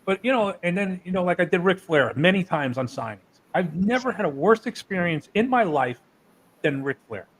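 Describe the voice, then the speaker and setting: A man who runs wrestling shows, from New Jersey, telling animated, profane stories in a casual interview. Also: high-pitched, moderate pace, slightly rough, rough recording. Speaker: wrestling promoter.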